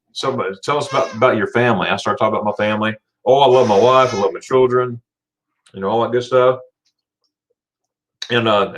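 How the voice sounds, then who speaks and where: A man's voice: medium pitch, a bit bright. A middle-aged man hosting a live stream, telling funny stories in a casual chat, laughing often and repeating words as he talks. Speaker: livestream host.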